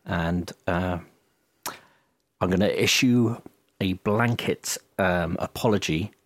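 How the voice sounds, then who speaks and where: A man's voice: low voice, takes it slowly, no echo. A man hosting a music podcast in casual, dry banter with his co-host.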